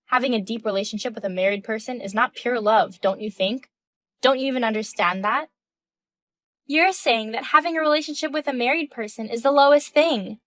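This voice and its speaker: A woman's voice: a little high, brisk, no room sound. Indignant woman in her thirties. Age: 30s. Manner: indignant, questioning. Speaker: story narrator voicing the wife. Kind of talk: scripted text-story reading.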